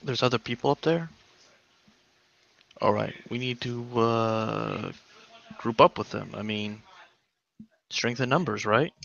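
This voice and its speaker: A man's voice: mid-range voice, slow, creaky, long pauses, a bit bright, dull audio. A man speaking as a player in a tabletop game, casual and thinking aloud.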